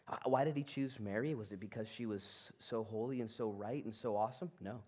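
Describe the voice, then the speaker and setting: A man's voice: lowish voice, moderate pace, few pauses, warm tone. A man pastor preaching a sermon, telling the story with energy and acting out the people in it.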